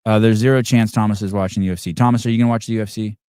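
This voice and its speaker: A man's voice: lowish voice, fairly even intonation, rapid-fire, dark tone, clean tone, dry recording, studio quality. A man hosting a live call-in podcast, rambling in a sarcastic, profane way. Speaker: podcast host.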